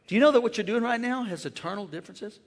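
A man who is a pastor, preaching a lively sermon and calling out to the congregation to join in. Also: high-pitched, quick pace. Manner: energetic, playful call-and-response with the crowd. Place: large church. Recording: long church hall reverb.

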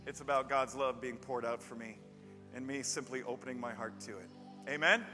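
A male pastor preaching a sermon in a church, telling stories emphatically and building to loud peaks. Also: mid-range voice, fairly even intonation, a little fast. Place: church with a live band. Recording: long reverb of a large hall. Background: faint band music.

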